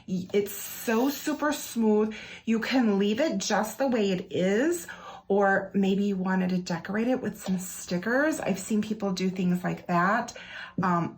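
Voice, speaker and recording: Speaking at a medium pitch over a faint hiss or hum, a woman unboxes planners for her channel at her indoor office or desk area. She chats casually, gushing with enthusiasm and scattering fillers throughout.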